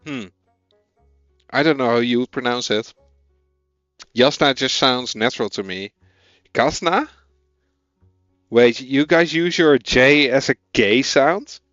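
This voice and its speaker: Dutch-accented man coding and chatting, slow. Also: medium pitch, fairly bright tone, no echo, muffled recording, faint music behind. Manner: thinking aloud while typing, chatting with viewers. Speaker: streamer. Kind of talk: casual live coding stream.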